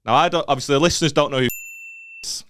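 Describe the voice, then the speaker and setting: A man's voice: on the high side, fast, a bit bright, a little hiss or hum. A young man with a Northern English accent telling a sweary comedy anecdote on a podcast, laughing as he goes. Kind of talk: casual storytelling chat.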